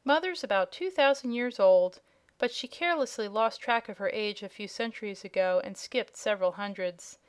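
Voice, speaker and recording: A woman voicing a proud, hungry young dragonette who speaks politely and regretfully, in a clear, smooth voice. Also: mid-range voice, normal speed, close to an everyday voice. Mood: haughty polite. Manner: polite, regretful, slightly haughty. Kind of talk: audiobook character voice.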